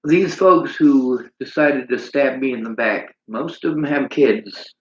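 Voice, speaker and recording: A man's voice: medium pitch, unhurried, a little hiss or hum. A man hosting a livestream, ranting bitterly in a preachy way and reading out chat comments. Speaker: livestream host. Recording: roomy, dull lo-fi sound.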